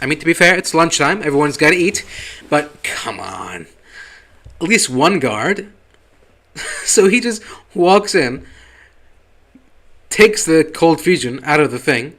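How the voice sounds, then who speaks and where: A man's voice: fairly high pitch, fairly bright tone. A man casually recapping a TV episode, hesitant with many ums and wry asides. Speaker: TV reviewer.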